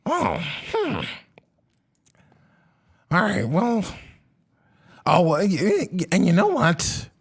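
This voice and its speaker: A man's voice: sits high, huge pitch swings, very slow, long pauses, breathy edge, voice pushed up, heavily acted. A man voicing a jittery, chatty male henchman who rambles and repeats himself. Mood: grudging.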